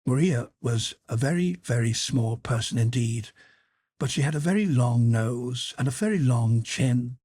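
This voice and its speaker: A man narrating a classic story collection in a measured, even storytelling manner. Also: mid-range voice, slightly rough, no room sound, clean studio sound. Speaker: audiobook narrator. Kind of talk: scripted narration.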